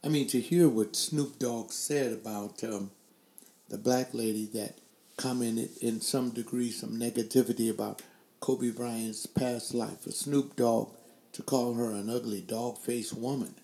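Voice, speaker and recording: Older male webcast host, warm and mellow, asks question after question, echoey room. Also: mid-range voice, fairly even intonation, unhurried. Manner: strings together rhetorical questions. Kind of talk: opinion commentary to a webcast audience. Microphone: desk microphone, later adjusted to sit further back.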